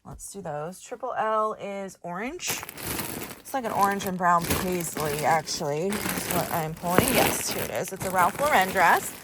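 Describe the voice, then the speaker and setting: Walking around her storage area and rummaging through bins and shelves, a middle-aged reseller vlogger talks casually to viewers in work-with-me style. Her lowish voice is animated and moderately paced, and the recording is very noisy.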